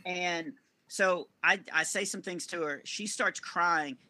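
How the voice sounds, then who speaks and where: Sharp-voiced man telling comedy stories. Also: high-pitched, slow, slight background noise. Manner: animated, rambling anecdotes with self-corrections. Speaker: comedian guest. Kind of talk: storytelling podcast interview.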